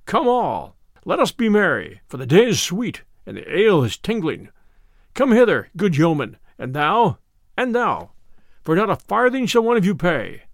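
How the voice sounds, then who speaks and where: Man reading as a giant young yeoman, hearty and gruff, slow to anger, lively voice, dry sound. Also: high-pitched, no room sound.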